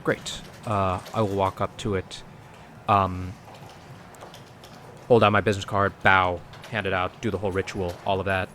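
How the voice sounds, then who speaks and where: Man, tabletop player, low voice, formal in character, faint hiss. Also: little pitch movement, a bit bright. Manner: measured, formal in character, laughs often. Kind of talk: playing a character in a tabletop game.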